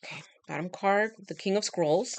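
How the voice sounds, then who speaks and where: A woman's voice: mid-range voice, moderate pace, heavy background noise. A woman giving a channeled tarot reading, talking straight to the listener in an emphatic, coaxing way, her throat dry. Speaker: tarot reader.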